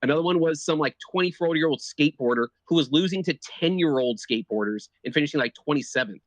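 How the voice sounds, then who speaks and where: A man's voice: fairly high pitch, expressive, fast talker, no echo. A man co-hosting a sports podcast, building his argument point by point with a loose, casual delivery. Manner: argumentative, laying out points with many "like" fillers. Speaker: podcast co-host.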